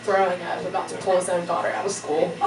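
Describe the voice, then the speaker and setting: A woman's voice: lowish voice, big pitch swings, moderate pace, creaky, crowd noise. A young woman telling a funny story to a live audience, casual and profane, laughing often. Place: stage before a live audience. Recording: echoey room, distant mic, audience noise.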